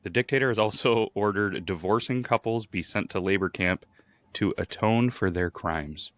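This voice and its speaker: Male podcast co-host with a very low voice and dry sound; casual, loose, stumbles while reading. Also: moderate pace, fairly bright tone, dry recording. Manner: loose, chuckling, stumbles over words. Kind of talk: casual chat, reading news aloud.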